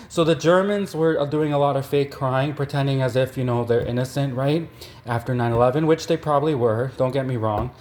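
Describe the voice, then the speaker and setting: A man from Canada doing a rambling, deadpan satirical comedy monologue, full of fillers and restarts. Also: mid-range voice, a little fast.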